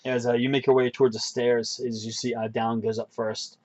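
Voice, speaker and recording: A man's voice: medium pitch, level tone, a little fast, darkish tone, dull audio. A man running a tabletop game as game master, narrating in a rambling way with many fillers. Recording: background music.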